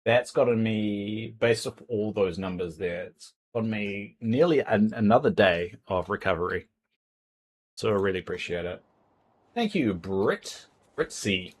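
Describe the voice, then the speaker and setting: A man's voice: on the low side, animated, a little slow. A man chatting casually on a livestream from home, rambling and tripping over his words as he reads out donations. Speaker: streamer. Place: home, indoors.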